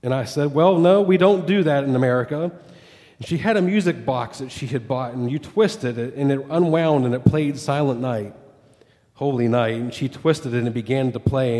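A man's voice: medium pitch, mellow. A male pastor tells a story from the pulpit. His voice sits in the middle range and rises and falls with the quoted exchanges. The church hall carries it in a long, lingering reverb. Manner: retells a story with quoted dialogue, rising and falling with it. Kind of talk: sermon storytelling.

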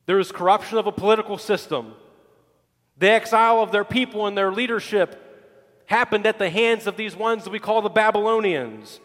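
A man with a high-pitched voice preaches a sermon from a church pulpit. He leans on repeated phrases and restarts, building his points in rhythm. A long reverb from the sanctuary hangs behind his words. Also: brisk, a bit bright. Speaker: pastor.

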